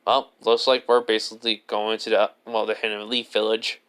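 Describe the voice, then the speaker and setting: A man's voice: on the low side, level tone, normal speed, fairly bright tone, clean tone, natural voice. A man voicing a wary adult male swordsman, in a rambling way with fillers and restarts. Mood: resigned.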